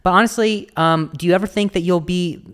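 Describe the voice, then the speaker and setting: A man from the United States hosting a podcast, chatting casually and playfully, with frequent restarts and halting phrases. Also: sits high, a bit bright, clear, resonant tone. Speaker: podcast host. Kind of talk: casual comedic chat.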